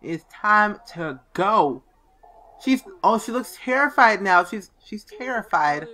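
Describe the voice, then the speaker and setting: A let's play host with a medium-pitched, bright, forceful voice and lively intonation comments casually on a life-sim game. She takes her time, reading options aloud and playfully voicing characters.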